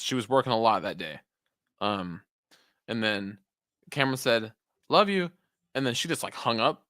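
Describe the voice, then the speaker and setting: A podcast co-host in casual chat, telling stories in an animated way and swearing often over a video call. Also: medium pitch, no echo, clean studio sound. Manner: animated storytelling, swears a lot.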